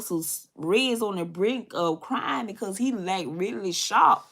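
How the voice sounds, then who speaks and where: A woman's voice: mid-range voice, measured pace, few pauses, a bit bright. A woman beauty vlogger telling a story in a loose, chatty way while doing her makeup. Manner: loose and chatty, many fillers and asides.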